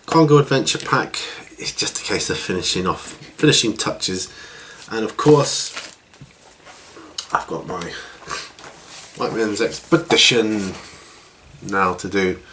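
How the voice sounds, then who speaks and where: Middle-aged man, lowish voice, casual rambling vlog host. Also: slow pace, slight background noise. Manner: rambling, relaxed, with many fillers and restarts. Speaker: hobby channel host. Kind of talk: casual chat.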